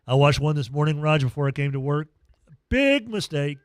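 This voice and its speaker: A man's voice: on the high side, fast talker, no room sound. Guy hosting sports radio in the morning, gets all worked up telling a story, dry studio sound. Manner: animated storytelling, emotional and self-deprecating. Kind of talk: casual morning radio chat.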